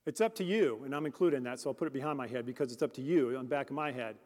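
A man's voice: mid-range voice, fairly even intonation, very fast. A man preaching a sermon as a deacon, earnest and speaking directly to the congregation with questions. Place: church. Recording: long church reverb.

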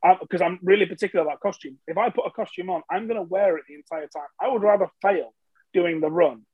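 A man's voice: high-pitched, quick pace, husky, dry recording, dull audio. Chatty, self-mocking man. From England. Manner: chatty and self-mocking, with frequent fillers and restarts. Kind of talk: casual storytelling.

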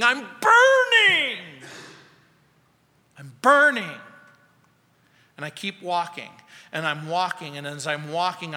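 A male pastor preaching an expository sermon, telling a story earnestly and dropping suddenly quiet for emphasis, in a church sanctuary. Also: sits high. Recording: long reverb of a church hall.

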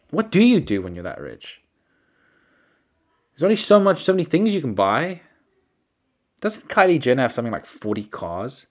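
Male solo podcaster, lively swooping pitch, rambling incredulous rants, self-deprecating. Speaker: podcast host.

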